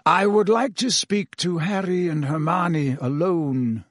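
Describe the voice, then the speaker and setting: A man reading aloud and voicing a calm, courteous old headmaster who stays firm. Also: sits high, takes it slowly, vocal fry, husky, no room sound, clean studio sound, voice pushed up, full character voice.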